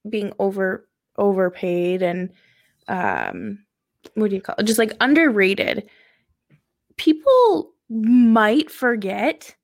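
A young woman on a sports podcast, talking eagerly in casual chat and agreeing quickly with her co-hosts. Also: mid-range voice, dry recording, studio quality. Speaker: podcast co-host.

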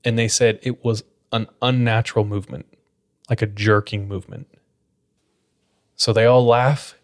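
A man with a somewhat low voice tells a story on his podcast. He keeps it loose and casual, peppering the telling with "like" and quick restarts. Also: steady tone. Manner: casual, filler-heavy retelling with frequent "like". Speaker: podcast host.

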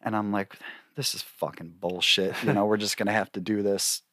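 A man, a guest musician, telling a story in a casual, animated way, swearing freely and laughing often between his lines. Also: on the low side, a little fast, no echo, studio quality. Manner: animated, profane, laughs often, lots of fillers.

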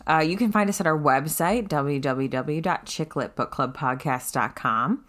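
A woman co-hosting a podcast in casual chat, brisk and wry as she runs through sign-offs. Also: low-pitched, fairly bright tone. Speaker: podcast co-host.

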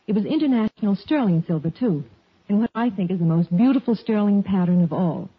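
A woman's voice: mid-range voice, lively intonation, a little fast, husky. A woman performing a scripted radio ad in a chatty, enthusiastic way, on a tinny old radio recording.

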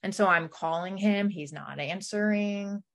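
A woman's voice: medium pitch, measured pace. A young woman telling a personal story in a conversation, talking emotionally with many "like" fillers and acting out what people said. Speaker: guest.

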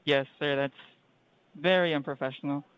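A man's voice: a little high, fairly even intonation, normal speed, a bit bright, rough recording. A man working at a restaurant, answering a caller politely and hesitantly, apologizing and saying "sir" a lot. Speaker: restaurant worker on the phone. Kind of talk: phone customer service.

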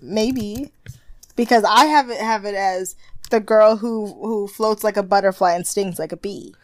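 A woman's voice: medium pitch, measured pace, no echo. Young woman podcast co-host, chatty and filler-heavy, dry close sound. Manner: chatty, lots of "like", laughs often. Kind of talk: casual chat recapping a TV show.

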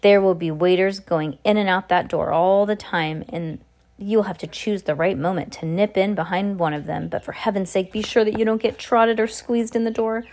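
A woman voicing a loving, brisk elderly grandmother in a measured, motherly storybook voice close to her own. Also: mid-range voice, a little mellow, close to an everyday voice.

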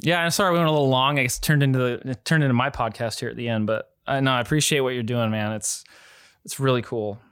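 A man's voice: mid-range voice, steady tone, fast talker, fairly bright tone, smooth, no echo. Chatty male guest, dry sound. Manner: enthusiastic, rambling, lots of "like". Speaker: music producer guest. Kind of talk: casual interview chat.

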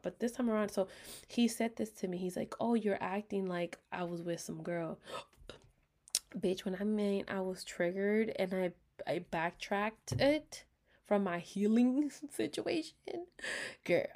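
A woman casually telling a personal story to her viewers, candid and expressive, swearing freely and slipping into half-whispers, with a dry throat she keeps clearing. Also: medium pitch. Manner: talks in bursts, often drops to a half-whisper. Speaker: vlogger.

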